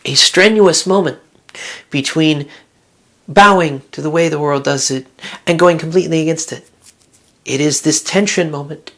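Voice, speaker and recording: A woman giving a devotional Bible talk in an earnest, reflective way, asking her listeners one question after another. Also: low voice. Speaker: Bible teacher.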